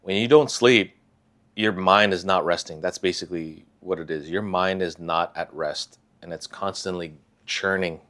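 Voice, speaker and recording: A man speaking softly and haltingly, with sighs and restarts, as he tells a personal story in a confessional vlog. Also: deep voice. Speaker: vlogger sharing a personal story.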